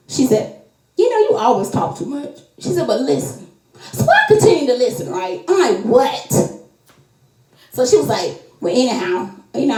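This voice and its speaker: Animated woman telling a story. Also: roomy sound, rough recording. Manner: animated, acts out quoted voices with big pitch jumps. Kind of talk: casual storytime monologue.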